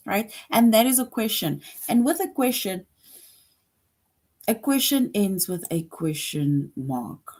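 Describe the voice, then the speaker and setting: A woman's voice: medium pitch, sing-song, darkish tone. A woman teaching an online grammar lesson to young children, patient and repetitive, often checking in with "right?". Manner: slow, patient, repeats points with frequent "right?".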